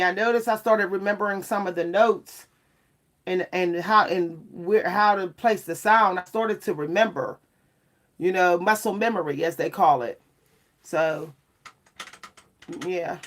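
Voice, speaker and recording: A woman's voice: mid-range voice, fairly bright tone. Chatty woman vlogger saying "y'all". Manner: chatty, keeps saying "y'all", laughs often. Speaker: vlogger and French horn player. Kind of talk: casual livestream chat.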